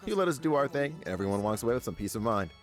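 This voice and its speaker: A man's voice: mid-range voice, sing-song, racing, soft background music, close to an everyday voice. A man reading aloud an earnest, determined young male detective in a video game. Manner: earnest, reasoning.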